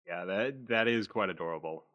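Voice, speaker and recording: A man's voice: sits low, normal speed, fairly bright tone, muffled recording. A man running a tabletop game as game master, narrating with a rambling, filler-heavy manner.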